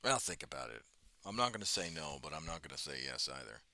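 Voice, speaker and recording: A man's voice: extremely low pitch, very animated, fast talker, creaky, bright, forceful tone. A man from Boston with a faint Boston accent, chatting casually and jokingly on his livestream, often stopping and restarting. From Boston, New England. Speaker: livestreamer painting miniatures.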